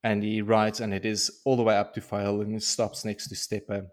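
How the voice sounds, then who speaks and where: A man co-hosting a podcast, casually recapping a book chapter as an animated, slangy storyteller. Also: lowish voice, moderate pace. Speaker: podcast co-host.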